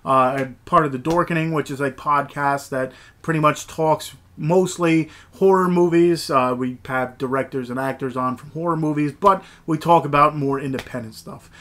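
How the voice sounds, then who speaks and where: A man's voice: fairly high pitch, a bit bright. A man giving a casual, rambling movie review, full of fillers and enthusiasm. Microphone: camera mic, movies shelved behind.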